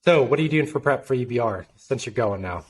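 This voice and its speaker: A male podcast host in a relaxed chat, asking questions and cracking jokes. His voice sits at a middle pitch with faint noise behind it. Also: fast. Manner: joking, asks questions. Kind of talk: casual chat.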